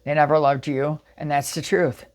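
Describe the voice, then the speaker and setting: A woman's voice: sits low, little pitch movement, normal speed, a little mellow. A woman giving a casual spiritual tarot reading straight to viewers, emphatic and repetitive. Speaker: tarot reader.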